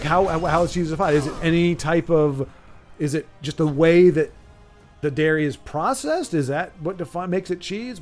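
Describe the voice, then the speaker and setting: A man hosts a relaxed livestream and rambles in casual chat, often breaking off mid-word to restart or to react to what viewers type. His voice sits a little high for a man. Faint music plays underneath. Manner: rambling, self-interrupting, reads chat aloud. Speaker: streamer host.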